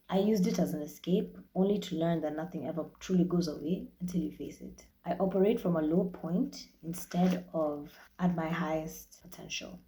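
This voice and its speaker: A young woman with a Kenyan accent speaks in a slightly low, warm and relaxed voice. She talks through a solo podcast monologue with blunt honesty and plenty of swearing. She often switches into Swahili phrases mid-sentence. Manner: frank and profane, mixing in Swahili phrases. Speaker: podcast host.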